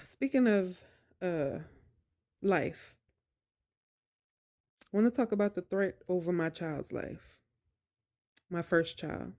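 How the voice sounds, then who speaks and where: A woman talks straight to her viewers, recounting her own experiences at a slow, deliberate pace. She presses her points hard, almost like preaching, then drifts into softer, hesitant stretches full of ums. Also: on the low side, expressive. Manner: emphatic, preachy, addresses viewers directly. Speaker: vlogger telling her own story. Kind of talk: personal storytelling to camera.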